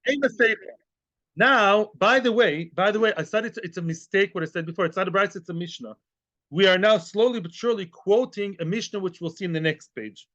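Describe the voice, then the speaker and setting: A man teaches a daily Talmud class in a high, brisk voice, lively and conversational, mixing in Hebrew and Yiddish terms and often checking in with "yeah?". The recording is dull and lo-fi.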